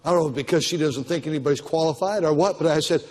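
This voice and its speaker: An older male pastor delivers a Baptist sermon, pressing his points through emphatic repetition. His voice sits high for a man, and it rings out with the long reverb of a church auditorium. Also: fast talker, a little mellow.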